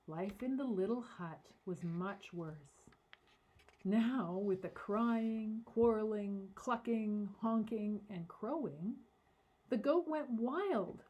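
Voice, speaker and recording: A woman reading a story aloud to children in an animated, dramatic way, giving voices to the characters. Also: mid-range voice, slightly rough, poor audio. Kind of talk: expressive read-aloud storytelling.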